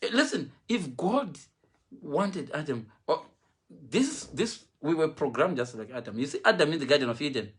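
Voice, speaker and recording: A man with a slightly high voice, speaking at normal speed, preaches a humorous sermon. He is animated, switching between English and Shona and acting out the people he quotes.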